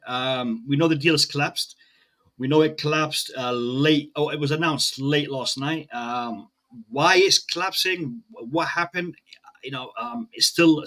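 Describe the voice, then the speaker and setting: Relaxed man with lots of "you know"s. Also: mid-range voice. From United Kingdom. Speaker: guest pundit. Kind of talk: casual fan-show chat.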